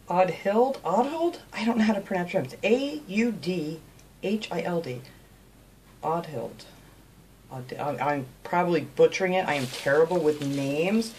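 A woman hosting a craft channel, chatting casually and warmly thanking viewers by name as she opens mail at home. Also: fairly low pitch, noisy background. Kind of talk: casual chat, opening mail.

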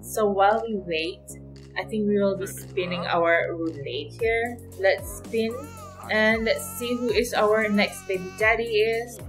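A woman of average pitch hosts her gaming channel in a casual let's-play style. She is chatty and excitable, laughing often and coaxing the characters on screen. Faint music plays behind her voice. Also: a little slow, poor audio. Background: faint background music.

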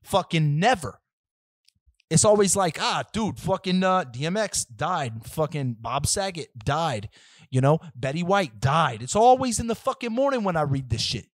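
A young man hosting a casual solo podcast, rambling and swearing through tangents, swinging between loud outbursts and muttered asides, close to the mic. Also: on the high side, animated, normal speed, no echo. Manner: rambling, profane, restless, many fillers and tangents. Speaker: podcast host.

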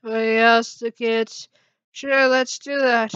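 A woman reading a fan story aloud in a halting way, with slips and restarts. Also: on the high side, flat delivery, a bit bright, clean tone, no echo, muffled recording. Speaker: fan fiction reader.

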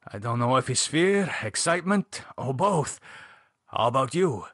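A man's voice: medium pitch, lively intonation, unhurried, a bit bright, no echo, clean studio sound. A man voicing a fussy, nervous doctor who speaks formally and a little stiffly. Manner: formal, fussy, slightly stilted.

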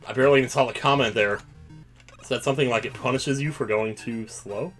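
A man giving casual, excitable commentary while playing a video game, breaking into loud outbursts. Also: medium pitch, fast, faint music behind. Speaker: let's play gamer.

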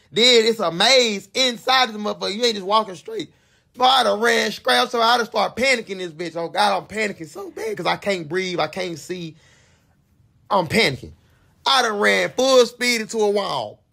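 A young man with a gravelly edge and a fairly high voice tells a wild story to his viewers. He talks casually and curses freely, jumping into loud re-enactments of his own screams and lines. It sounds like an unscripted vlog. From Fort Worth, Texas. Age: 20s. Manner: animated, profane, acts out his own screams and quotes. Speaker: vlogger.

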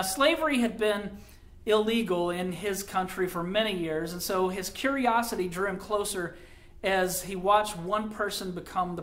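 A middle-aged man, a pastor, telling a story in a sermon, dramatic and dropping quiet for quoted lines. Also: high voice.

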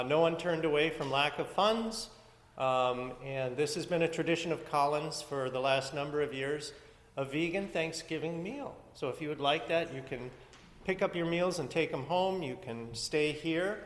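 Heard from a distance in an echoey church sanctuary with slight background noise, a pastor with a somewhat high voice gives announcements from the front. He is chatty and rambling, full of fillers and restarts.

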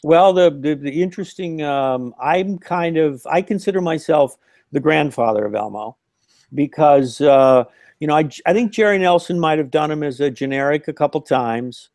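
An older man tells anecdotes with a lively, storytelling manner. His voice sits fairly high for a man. The sound is dry and close, with no room around it. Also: normal speed, dry recording. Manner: animated anecdotal storytelling with laughs. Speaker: puppeteer guest. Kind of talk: casual interview storytelling. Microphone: remote call line.

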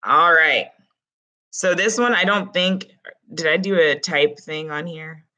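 A woman's voice: deep voice, a little slow, bright, forceful tone. A woman teaching Spanish grammar in an online class, explaining it step by step in a casual way.

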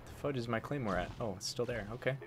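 Background noise accompanies this gaming channel host's medium-pitched, quick-paced voice. He commentates casually on a shooter he's playing live, frustrated and grumbling at opponents, addressing enemies directly and swapping swear words for milder substitutes.

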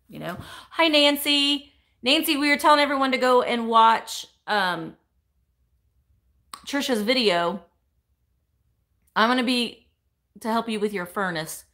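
On a casual live stream from home, a woman opens her mail and gushes over each item, greeting viewers by name and reading their comments aloud. Her voice sits on the high side, animated and fairly bright, moving at a measured pace with frequent pauses. She's chatty and exclamatory throughout.

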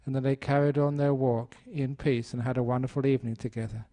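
A man's voice: medium pitch, steady tone, fast, warm tone. A man, a Buddhist monk, giving a humorous dharma talk and telling a story. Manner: storytelling, playful, does animal sounds.

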